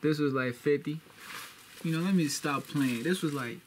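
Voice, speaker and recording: Young male vlogger, hype and boastful, slightly high voice, noisy background. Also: normal speed. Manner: boastful, repeats phrases for hype. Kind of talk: casual hype vlog.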